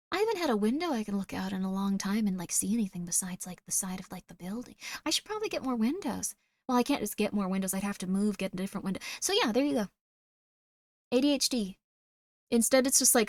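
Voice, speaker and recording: A young woman hosts a stream and rambles through casual reaction commentary, full of fillers. Her voice sits a bit high. The sound is dry and close. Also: animated, quick pace, no echo. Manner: rambling, chatty, filler 'like'. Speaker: streamer host.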